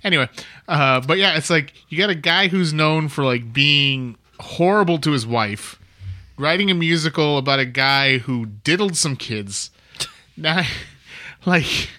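A man's voice: on the high side, expressive, a little slow, bright, forceful tone. A man co-hosting a podcast in casual chat, rambling and joking and laughing often. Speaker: podcast co-host.

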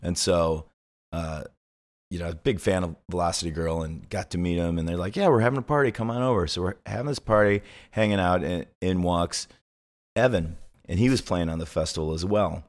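A man co-hosting a podcast, chatting casually and acting out voices in a lively anecdote. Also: deep voice, a little fast. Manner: acts out voices in anecdotes, swears freely. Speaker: podcast co-host and musician. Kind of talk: casual chat, animated storytelling.

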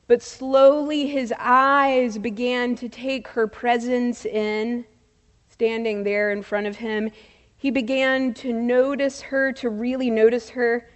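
A woman preaching a sermon, telling a story in a slow, measured way with soft pauses. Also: fairly high pitch. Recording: long reverb of a large hall.

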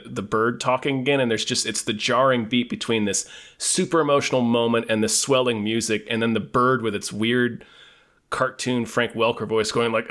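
A man chatting about a movie trailer on a podcast, animated and quick to laugh. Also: mid-range voice. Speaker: podcast panelist. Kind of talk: casual movie chat.

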